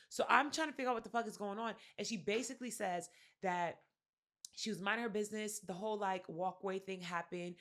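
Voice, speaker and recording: Podcast co-host, woman, lively storyteller who plays every quote out loud. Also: mid-range voice, quick pace. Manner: animated storyteller, acts out quotes, swears freely. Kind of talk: casual chat, storytelling.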